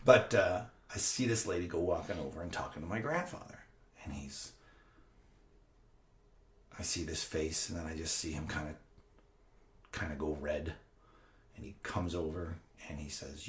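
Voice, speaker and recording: A man's voice: extremely low pitch, moderate pace, pauses often, roomy sound. A man in his fifties, a former teacher and coach, telling a story on a podcast with laughter and acted-out scenes. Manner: animated, laughing, acts out scenes. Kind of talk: casual storytelling.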